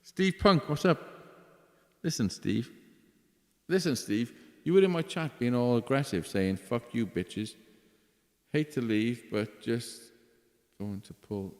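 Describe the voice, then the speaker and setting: A man's voice: medium pitch, lively intonation, slow pace, pauses often, darkish tone. A man who is a musician streaming live, chatting casually between songs and a little tipsy, rambling, swearing freely and talking to viewers by name. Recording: long reverb with guitar music behind.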